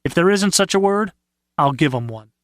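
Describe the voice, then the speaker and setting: A man's voice: sits high, expressive, dry recording, studio quality, voice pushed up. A man reading a cocky young man. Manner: cocky, wry, quick asides. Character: brash, self-assured young man. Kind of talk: audiobook character voice.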